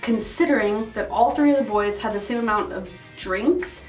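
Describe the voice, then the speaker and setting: A young woman vlogging a casual storytime, animated and full of "like", acting out what people said. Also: on the high side, moderate pace. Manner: animated, quotes people in put-on voices, heavy use of "like". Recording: roomy echo, somewhat far from mic, faint music.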